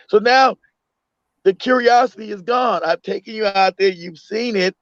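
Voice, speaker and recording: Man, high voice, emphatic and repetitive, casual chat; dry, dull lo-fi audio. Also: unhurried, no room sound. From United States. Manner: emphatic, repeats himself, acts out a mother. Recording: dull lo-fi sound.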